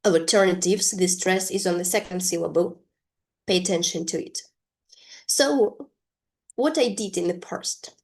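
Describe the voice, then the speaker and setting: A woman teaching an English lesson, reading example sentences slowly and deliberately. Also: lowish voice, darkish tone.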